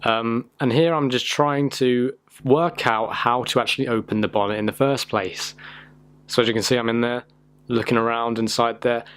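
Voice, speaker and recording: A man's voice: medium pitch, fairly even intonation, normal speed, a bit bright, smooth. A young man from the United Kingdom, chatting casually and self-deprecatingly in a vlog, rambling with fillers. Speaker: vlogger. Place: in a car and outdoors by a house.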